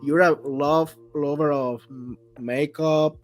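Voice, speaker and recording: Enthusiastic man hosting, halting restarts. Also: a little high, steady tone, faint music behind. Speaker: podcast host. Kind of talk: casual podcast interview.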